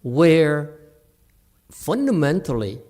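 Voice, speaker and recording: A middle-aged man giving a dharma talk with questions and answers, animated, laughing and acting out quoted voices. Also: a little high, takes it slowly. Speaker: meditation teacher.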